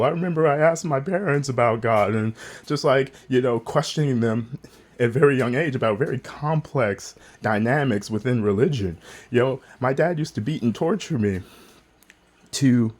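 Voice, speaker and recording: A man's voice: mid-range voice, a little mellow, slightly rough. A young man talking through hard personal memories in a rambling, emotional monologue that is full of swearing. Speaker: vlogger.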